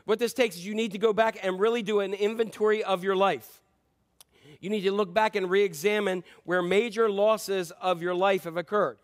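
A man with a high-pitched voice preaches a sermon in a relaxed, conversational manner. He repeats his key phrases and often fills gaps with um. He shifts between loud emphatic lines and hushed low asides. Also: moderate pace. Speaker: pastor.

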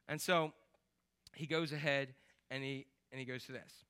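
A man preaching a lively, joking sermon in church and quizzing the congregation. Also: medium pitch, normal speed, long pauses. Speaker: pastor.

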